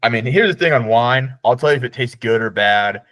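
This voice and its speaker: A man's voice: medium pitch, expressive, fairly quick, fairly bright tone, dry recording. A man co-hosting a podcast in casual chat, dropping dry, wry asides. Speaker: podcast co-host.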